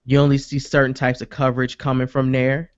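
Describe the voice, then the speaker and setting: A man's voice: medium pitch, a little fast, clear, resonant tone, dry recording, dull audio. A man on a casual podcast, telling a story with energy, swearing freely and acting out what people said. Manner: animated storytelling, acts out quotes, swears freely. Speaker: podcast host. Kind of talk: casual chat.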